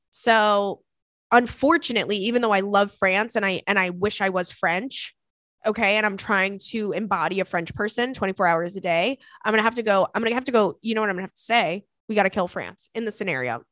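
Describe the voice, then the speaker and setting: A woman's voice: medium pitch, a bit bright, no room sound. A young woman hosting a podcast, reading out listener emails and chatting in a bubbly, crude, joking way, laughing often. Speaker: podcast host and stand-up comic.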